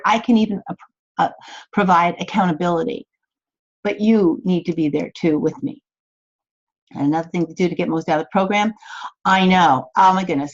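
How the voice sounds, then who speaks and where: A woman's voice: lowish voice, muffled recording. A woman, a business coach, teaching an online course in a chatty, encouraging way from her office, acting out the thoughts she quotes.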